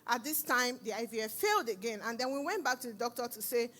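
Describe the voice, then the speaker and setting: A woman's voice: fairly high pitch, quick pace. Nigerian woman telling a church testimony. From Nigeria, Edo. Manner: animated storytelling, acting out dialogue. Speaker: church member giving testimony. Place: church service.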